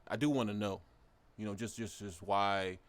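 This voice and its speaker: Young man, fairly low voice, reflective, halting, casual podcast talk. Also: steady tone. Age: 20s. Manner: reflective, hesitant. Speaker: podcast co-host. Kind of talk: casual discussion.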